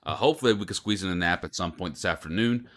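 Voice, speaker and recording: A man forecasting the weather in live storm coverage, tired from very little sleep and talking in a fairly monotone way. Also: low-pitched, fast. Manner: self-described monotone delivery.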